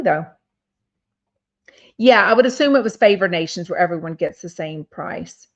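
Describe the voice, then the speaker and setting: A woman's voice: lowish voice, lively intonation, fairly quick, muffled recording. A woman from Texas with a drawl, hosting a casual podcast and reading viewer comments aloud, with lots of fillers. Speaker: podcast host.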